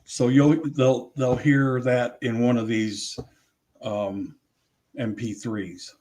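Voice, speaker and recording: A man's voice: medium pitch, fairly even intonation, takes it slowly, darkish tone. A man, an audio researcher, talking through his findings in a casual interview, often restarting and correcting himself.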